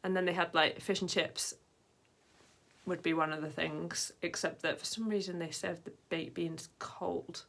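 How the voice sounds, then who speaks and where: A woman's voice: fairly low pitch, fairly even intonation, unhurried, gravelly, fairly bright tone. A woman vlogging in a casual, rambling way, full of fillers and side tangents. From Britain. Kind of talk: casual chat to camera.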